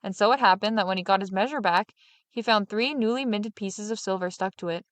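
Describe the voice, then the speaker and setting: A woman reading a fairy tale aloud as a storyteller, in a steady, even narration. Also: mid-range voice, fairly quick, no echo.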